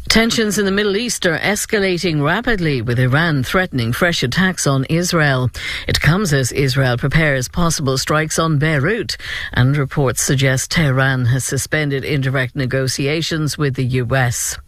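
Newsreader man, steady and dry. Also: fairly high pitch, moderate pace, no room sound. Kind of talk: scripted news reading. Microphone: studio microphone.

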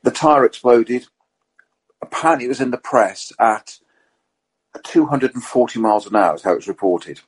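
A man telling lively anecdotes in a relaxed podcast chat, acting out the quotes in his stories. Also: medium pitch, moderate pace, long pauses, breathy edge, rough recording. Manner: animated storyteller, acts out quotes.

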